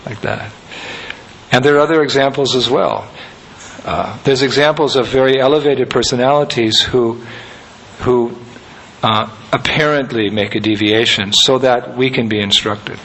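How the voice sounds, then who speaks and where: Brief: male spiritual teacher, relaxed anecdotal sermon, soft chuckles, faint noise behind. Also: medium pitch, normal speed, rough recording. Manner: conversational, anecdotal, with soft laughs.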